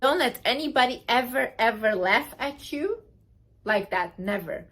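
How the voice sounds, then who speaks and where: A woman's voice: on the high side, expressive, a little slow, a bit bright. A young woman speaking as a self-help vlogger, giving blunt, emphatic advice and repeating her key phrases for force. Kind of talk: motivational advice monologue.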